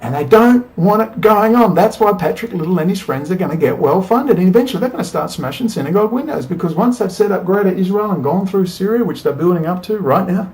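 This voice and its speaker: A man's voice: high-pitched, a little mellow, low-quality recording. A man hosting a political commentary, ranting in an angry, profane, rambling way. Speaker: commentary host.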